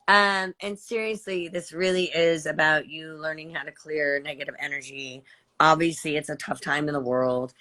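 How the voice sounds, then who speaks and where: An older woman chatting emotionally on a live stream, gushing and rambling with many restarts. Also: low voice. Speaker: livestream host.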